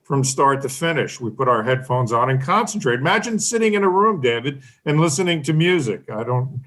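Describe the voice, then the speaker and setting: A man's voice: mid-range voice, very animated, fairly quick, a bit bright. A man hosting a casual interview, laid-back, asking open questions. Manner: laid-back, asks open questions, frequent short backchannel. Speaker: podcast interviewer.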